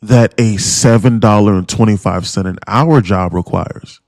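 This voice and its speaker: A man's voice: on the low side, unhurried, a little mellow, no echo. A man streaming live as a day trading mentor, talking in a rambling, profane, casual way with lots of fillers. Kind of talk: casual livestream chat.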